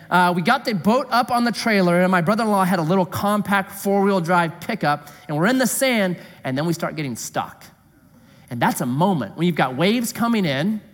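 A middle-aged man preaching a sermon as a comic story, animated and exclaiming, with a long hall echo. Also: high-pitched.

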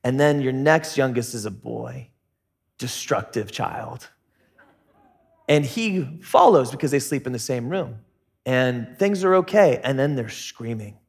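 A man preaching a casual sermon, telling stories in a relaxed, joking, slangy way. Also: mid-range voice, a little slow, creaky. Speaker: pastor.

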